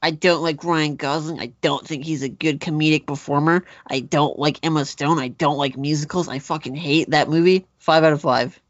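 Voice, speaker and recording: A man's voice: a little high, fairly even intonation, normal speed, hardly any pauses, no room sound, lo-fi sound, close to an everyday voice. A man doing a mocking impression of a friend as a crude, swearing, bro-ish fanboy.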